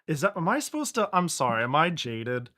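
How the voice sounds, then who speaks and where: A man streaming, reacting in casual commentary, excitable and ranting, laughing and exclaiming at what he sees. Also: fairly high pitch, fairly quick.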